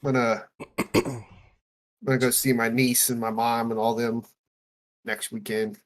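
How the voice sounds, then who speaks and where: A man co-hosting a casual chat, talking in a halting way with many fillers. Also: medium pitch, flat delivery. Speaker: podcast co-host.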